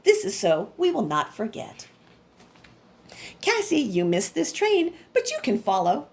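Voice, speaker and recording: A kind, steady old woman conductor from a storybook, read by a woman. She speaks calmly and gives careful instructions. Her fairly high voice moves up and down expressively. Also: a little slow, full character voice. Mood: calm, instructive.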